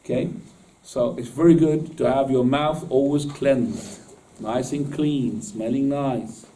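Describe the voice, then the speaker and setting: A man's voice: medium pitch, steady tone, slow, warm tone, recorded from a distance, slight background noise, low-quality recording. A man teaching Islamic law to a class in casual, informal speech, often asking his students questions and laughing at his own jokes. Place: mosque classroom.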